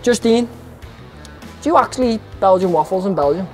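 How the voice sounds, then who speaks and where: A man's voice: sits high, expressive, faint music behind. A young man with a Scouse accent hosting a casual chat, playful and full of banter. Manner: playful, banter-heavy, quick to laugh. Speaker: interview host.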